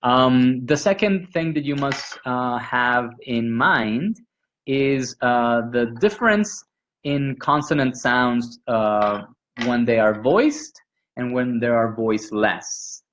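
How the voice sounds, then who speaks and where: A man's voice: medium pitch, slow, a bit bright, slight background noise, poor audio. A man leading a pronunciation workshop for teachers, explaining patiently with frequent fillers. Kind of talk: teaching conversation.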